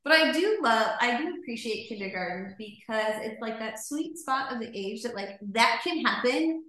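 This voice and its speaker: A woman's voice: on the high side, expressive, normal speed, sharp tone. A woman hosting a casual podcast, chatty and laughing through her words. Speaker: podcast host. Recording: very echoey room.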